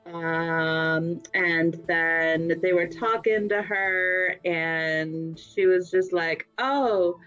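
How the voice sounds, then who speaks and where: Profane rambling woman, low voice. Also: level tone, a bit bright, clear, resonant tone, highs cut off, soft background music. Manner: rambling, profane, slips into quick character voices. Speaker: player giving a session recap. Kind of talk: casual tabletop game recap.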